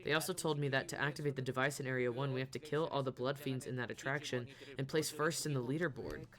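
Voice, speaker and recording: A man's voice: mid-range voice, fairly even intonation, quick pace, a crowd in the background, close to an everyday voice. A man voicing a streetwise male mercenary in a game, talking in a casual, slangy way. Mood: sly.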